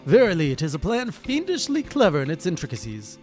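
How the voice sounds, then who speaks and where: Streamer as a grandiose gentleman detective, flowery and theatrical, lively pitch, faint music. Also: fairly quick. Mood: gallant. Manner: theatrical, flowery, self-important. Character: pompous gentleman inspector, grandiose.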